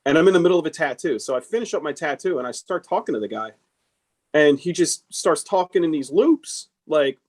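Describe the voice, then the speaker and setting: A man's voice: fairly high pitch, animated, fairly quick, darkish tone. A man hosting a casual podcast chat, blunt and emphatic, with heavy swearing. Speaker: podcast host, tattoo artist.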